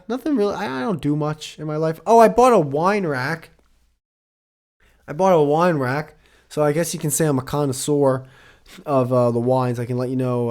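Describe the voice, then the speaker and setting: A man's voice: on the high side, a little mellow. A middle-aged man hosting a solo podcast, rambling casually with a lot of swearing and self-deprecating jokes. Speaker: podcast host.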